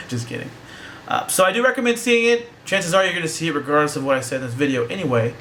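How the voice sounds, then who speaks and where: A man's voice: fairly high pitch, expressive, quick pace, pushed and bright, a little hiss or hum. Profane, rambling young guy reviewing a movie. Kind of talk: casual spoken review.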